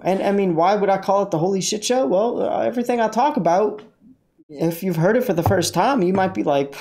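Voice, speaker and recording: A man's voice: high voice, fairly quick, darkish tone. A man hosting a casual livestream from inside his car, rambling, joking and talking back to his chat. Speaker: livestream host.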